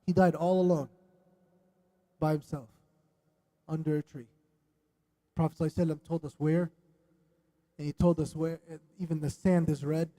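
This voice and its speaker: A man giving a religious lesson in a mosque, animated and questioning his audience, dropping Arabic religious phrases. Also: fairly high pitch, moderate pace, long pauses. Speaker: religious teacher. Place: mosque hall.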